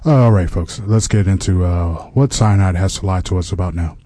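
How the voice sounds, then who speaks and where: A man hosts a comedic radio show from a dry studio with no room echo. His voice sits low and mellow. He keeps reining in his co-hosts and apologizing to his listeners. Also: a little fast. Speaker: radio host.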